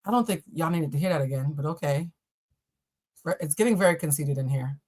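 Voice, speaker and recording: A woman's voice: low voice, animated, brisk, darkish tone. Chatty, profane woman reading tarot live. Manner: chatty, profane, joking asides to viewers. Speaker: tarot reader.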